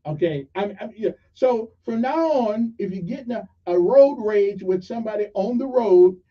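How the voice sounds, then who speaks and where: A man hosts call-in talk radio and rambles through stories in a folksy way. His voice sits high for a man. The sound is dull and lo-fi. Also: animated, moderate pace. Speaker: radio talk show host.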